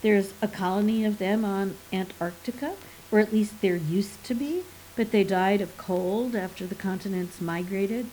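A woman reads an eager man tossing out wild theories as fast as he can think of them. His voice is mellow and sits at an ordinary pitch. This is a storybook reading with a faint hiss behind it. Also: steady tone, natural voice, low-quality recording. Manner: eager, improvising.

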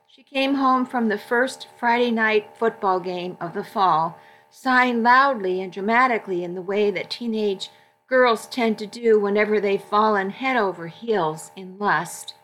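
A woman narrates a first-person story at an unhurried pace. Her delivery is measured and steady, with a middling pitch. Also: faint music behind. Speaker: audiobook narrator.

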